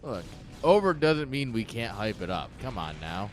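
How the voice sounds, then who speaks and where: A man's voice: on the low side, very animated, moderate pace, soft background music. A man giving casual live commentary on a strategy game match, dry and sarcastic, rambling with lots of fillers. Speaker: esports caster.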